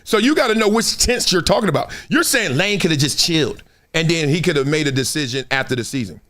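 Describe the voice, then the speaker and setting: A middle-aged man from Compton, hosting an animated live-stream sports talk show and acting out quoted voices with frequent laughs. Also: on the high side, fast talker. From Compton, Los Angeles.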